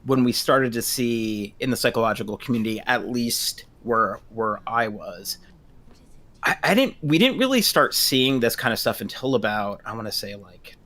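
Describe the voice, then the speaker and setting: Bright-voiced hesitant male therapist. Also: medium pitch, animated, moderate pace. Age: 30s. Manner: hesitant, many restarts and fillers. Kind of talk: casual discussion.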